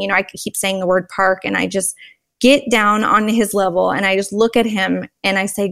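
Chatty, animated woman telling stories. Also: mid-range voice, moderate pace, vocal fry. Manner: animated, chatty, exclaims often. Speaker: guest, mother and author of a sign-language book. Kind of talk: conversational storytelling.

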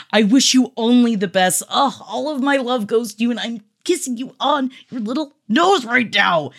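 A woman hosting a podcast, gushing and swearing freely as she reads out listener shout-outs. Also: on the high side. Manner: gushing and profane. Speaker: podcast host.

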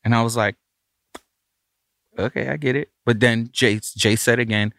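A man's voice: mid-range voice, normal speed, vocal fry, pauses often, no room sound. A man, a record producer casually telling a studio story and acting out the voices of the people in it. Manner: animated, acts out the voices of others in his story.

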